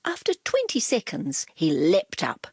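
Slow, soft-spoken woman reading a storybook. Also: on the low side, wildly swooping pitch, slightly rough, no room sound, studio quality. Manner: soft, drops to whispers on tags. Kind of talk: reading a children's storybook aloud.

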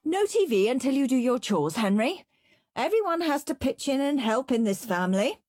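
A woman's voice: sits high, big pitch swings, moderate pace, a little mellow, no room sound, voice pushed up. A woman voicing a firm, scolding mother. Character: stern, weary mother.

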